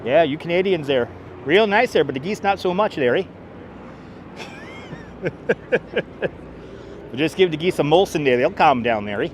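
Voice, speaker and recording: A man's voice: on the high side, animated, moderate pace, long pauses, slight background noise, lightly acted. A man voicing a jokey, folksy Canadian figure who tags "there" and "eh" onto every line. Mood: joking.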